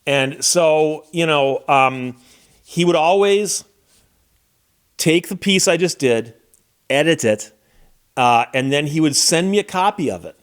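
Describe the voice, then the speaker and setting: A slightly high, animated, clean-toned voice belongs to a middle-aged American lawyer and YouTube host. He talks slowly and pauses often in a casual, somber, reflective monologue, restarting frequently.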